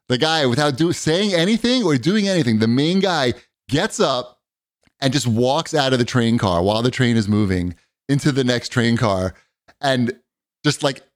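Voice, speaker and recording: A man hosting a podcast, telling an animated story with plenty of swearing and acted-out quotes. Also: mid-range voice. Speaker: podcast host. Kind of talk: casual chat, storytelling.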